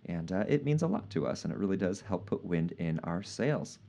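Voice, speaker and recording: A relaxed man hosts a live podcast with a fairly low voice. He chats loosely with his guests, laughs easily and leans on "uh" while he thinks. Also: a little fast, creaky. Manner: easygoing, laughs often, many "uh" fillers. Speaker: podcast host. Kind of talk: casual live podcast chat.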